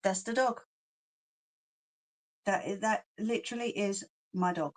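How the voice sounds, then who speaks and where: A woman's voice: medium pitch, a little slow. A woman with a London accent, chatting casually on a livestream, reading out comments and laughing often with cheeky slang. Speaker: craft channel host.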